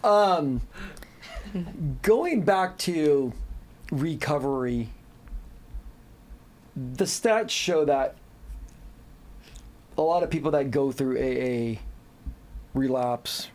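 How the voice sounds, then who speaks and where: Halting, higher-voiced male podcast host. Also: expressive, a little mellow. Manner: halting, restarts his questions often. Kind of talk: podcast interview.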